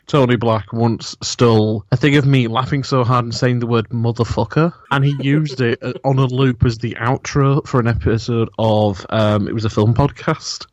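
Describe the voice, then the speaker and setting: A man talks as a podcast guest at a middling pitch, rambling through stories and breaking into giggles. His voice is recorded dry and close, with no room sound. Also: no room sound, muffled recording. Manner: giggly, rambling, laughs often. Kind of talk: casual chat.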